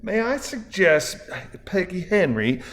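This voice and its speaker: A man reading a story, voicing a sugary Deep South belle with a put-on US Deep South drawl. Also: big pitch swings, slow, fairly bright tone, long reverb tail, full character voice. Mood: sweet. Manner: drawling, syrupy and coy.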